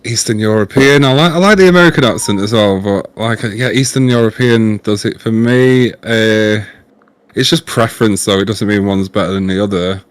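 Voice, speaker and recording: A man's voice: fairly low pitch, normal speed, clear, resonant tone. A man in casual gaming-stream chat, earnest and chatty, often repeating words while he thinks. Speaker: guest streamer.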